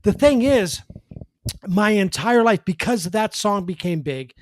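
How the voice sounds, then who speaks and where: High-voiced man in his sixties telling stories. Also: slight background noise. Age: 60s. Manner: animated storyteller, quick asides. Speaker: guest, former radio co-host and columnist. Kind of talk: casual podcast chat.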